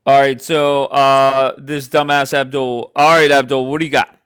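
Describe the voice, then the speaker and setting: A man hosting a heated livestream debate, talking brusquely to his callers. His voice sounds smooth and resonant, set at a middle pitch. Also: level tone, moderate pace, fairly bright tone. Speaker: livestream host. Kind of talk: moderating a heated live debate.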